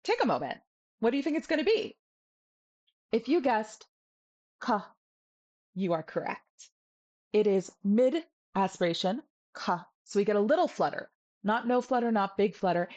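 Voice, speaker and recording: A woman teaching a video language lesson, patient and playful, repeating each sound slowly so the viewer can copy it. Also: mid-range voice, very animated, darkish tone, highs cut off.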